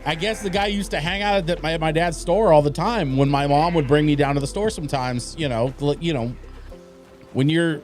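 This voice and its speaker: A man with a slightly high voice tells a long, rambling story while he plays a game on stream. He keeps restarting his sentences and filling gaps with "like" and "you know". Soft music plays faintly underneath. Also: a little fast. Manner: rambling, many restarts and fillers. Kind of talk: casual storytelling while gaming.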